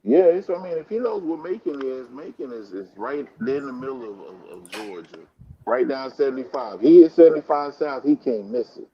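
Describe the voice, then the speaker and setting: A man's voice: medium pitch, lively intonation, a little fast, dull audio. A man hosting a casual live chat from a comic book store, talking on his phone in a laid-back, rambling way and calling everyone "man". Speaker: live stream host, comic collector.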